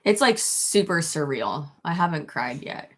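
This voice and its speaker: A woman's voice: sits low, very animated, measured pace, a bit bright. A young woman chatting casually on a livestream, reading out viewer comments and swearing freely. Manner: chatty, swears freely, talks to her dog. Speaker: YouTuber on a livestream.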